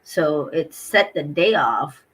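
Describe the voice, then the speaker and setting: A woman's voice: low-pitched, lively intonation, slow, breathy edge, poor audio. A middle-aged woman talking in a personal vlog, emotional and hurting, rambling with many fillers as she retells her day. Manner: rambling and heartfelt, full of fillers and retold dialogue. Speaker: vlogger.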